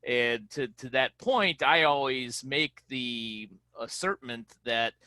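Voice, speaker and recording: Bright-voiced Chicago man hosting. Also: mid-range voice, slow pace, no echo. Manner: candid, self-deprecating, laughs while talking. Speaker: podcast host. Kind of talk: casual interview chat and read sponsor ad.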